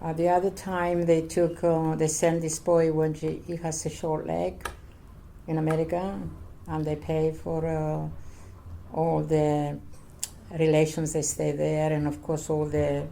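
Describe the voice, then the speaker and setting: An older woman from Cyprus speaks in broken, repetitive English, Greek being her first tongue. Her voice sits fairly low and sounds mellow and soft. She tells her story earnestly, like an oral history interview. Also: completely flat delivery, vocal fry, slight background noise. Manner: halting, repetitive non-native English, earnest.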